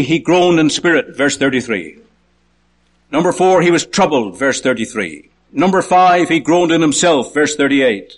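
A man delivering a sermon, moving through his points one by one. He lifts his voice sharply when calling out quoted words, then sinks low and soft for his asides. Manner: rises in pitch to call out quoted words, drops low for asides. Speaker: preacher.

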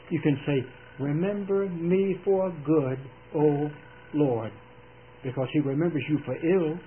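A man preaching a sermon in an earnest, emphatic way, with dramatic pauses, heard over a tinny old radio broadcast. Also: fairly high pitch, a little hiss or hum.

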